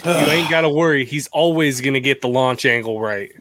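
A man's voice: medium pitch, brisk, fairly bright tone. A man on a podcast with friends who laughs easily and cracks jokes. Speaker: podcast co-host. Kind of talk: casual chat.

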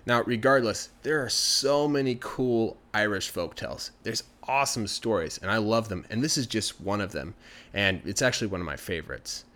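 A man telling a folktale in a chatty, animated storytelling style. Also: fairly low pitch, normal speed. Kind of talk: casual storytelling.

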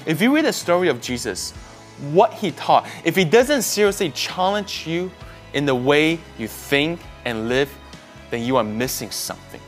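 A man's voice: on the high side, sing-song, moderate pace. A man preaching a sermon, emphatic, pushing up on key words and often restarting his phrases. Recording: faint music behind.

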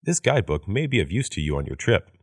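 A man reading English practice sentences aloud in a measured way for learners. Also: deep voice, big pitch swings, husky, dry recording, studio quality. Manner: measured, repeats each sentence after the woman. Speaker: English phrase reader.

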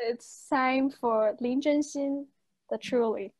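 High-voiced giggly woman. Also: slow pace, dry recording, low-quality recording. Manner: giggly, chatty, drifts quiet at times. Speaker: podcast co-host. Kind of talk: casual chat.

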